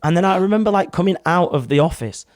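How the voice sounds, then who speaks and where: A man's voice: sits high, lively intonation, fast, no echo. Young guy rambling thru a story on a podcast, swears a bit, dry close mic. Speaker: podcast guest. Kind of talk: casual chat, storytelling. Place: studio. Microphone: studio microphone.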